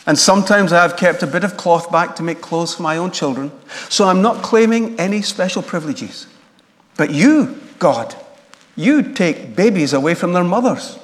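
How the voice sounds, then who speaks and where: A man's voice: a little high, animated, measured pace, long pauses. A man voicing a poor old village tailor who pleads indignantly with God, in a long church reverb.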